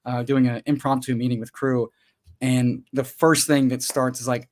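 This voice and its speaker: A man guesting on a podcast, telling stories in an animated, joking way. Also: medium pitch, moderate pace. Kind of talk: casual comedic chat.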